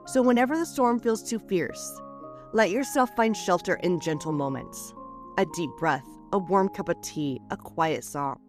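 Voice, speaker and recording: A female podcast host gives a soothing, expressive reading of a scripted reflective letter, her mid-range voice climbing on some phrases and dropping to a hush on others.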